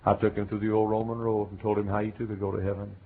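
Gravelly Southern preacher man. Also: lowish voice, little pitch movement, fast. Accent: Southern American. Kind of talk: sermon storytelling. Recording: tinny lo-fi phone-like recording.

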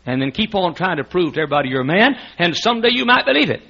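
A pastor with a high, gravelly voice preaches a sermon very fast, animated and laughing as he frequently restarts sentences. The recording is dull and lo-fi.

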